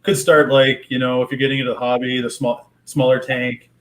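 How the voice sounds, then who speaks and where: A man talking in a relaxed, slightly boastful way in a casual aquarium chat. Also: medium pitch, fairly quick, rough recording. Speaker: aquarium hobbyist co-host.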